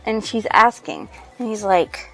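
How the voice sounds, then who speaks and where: A woman's voice: medium pitch, sing-song, unhurried, gravelly, a bit bright, faint music behind. Casual rambling woman recapping a book. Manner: rambling, full of fillers and "she's like". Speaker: book reviewer. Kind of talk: casual spoken plot summary.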